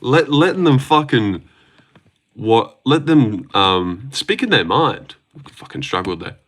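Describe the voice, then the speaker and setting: A man's voice: mid-range voice, expressive, takes it slowly, a bit bright. An Australian man chatting casually on a livestream, answering viewer comments in a blunt, profane and rambling way. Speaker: MMA predictions livestreamer.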